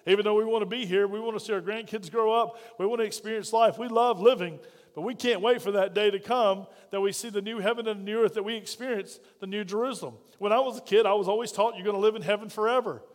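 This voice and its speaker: A man's voice: high-pitched, fairly even intonation, fast talker, in a large hall. A middle-aged man, preaching a fervent sermon as pastor and calling out questions to his congregation.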